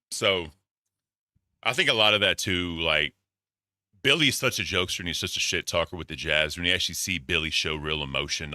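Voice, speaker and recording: A man with an extremely deep voice that still has a bright, forceful edge. He talks in a laid-back way, steering the stream along. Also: no echo, clean studio sound. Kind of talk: casual livestream commentary.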